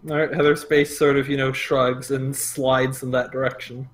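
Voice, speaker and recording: A man's voice: mid-range voice, little pitch movement, moderate pace. Hesitant male player describing actions. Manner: hesitant, filler-heavy describing. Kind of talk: casual tabletop play.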